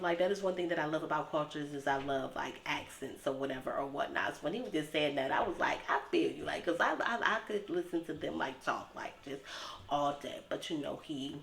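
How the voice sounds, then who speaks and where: A woman's voice: sits low, fairly quick, gravelly, a bit bright. A woman giving a casual, rambling recap of a TV episode, her talk packed with filler words. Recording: roomy echo with faint ambience.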